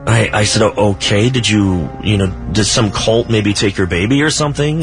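A low-pitched man speaks as a guest on a radio show, telling his paranormal stories at an unhurried pace. Now and then he drops a small laugh. Music plays clearly under his voice. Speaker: paranormal author and researcher, guest. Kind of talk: casual radio interview.

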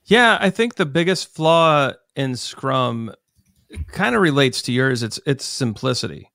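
A man with a mid-range voice, sharing his opinions in casual podcast talk. He is recorded close on the mic in a dry, dead room, and his tone turns animated in his asides. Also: mid-range voice, unhurried, no echo. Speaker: podcast co-host. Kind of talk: casual chat.

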